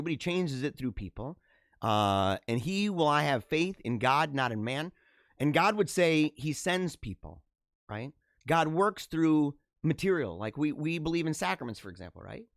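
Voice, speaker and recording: A man hosting a livestream, chatting casually and answering viewer comments in an animated, talkative way. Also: a little high, normal speed, no room sound, clean studio sound. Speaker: livestream host.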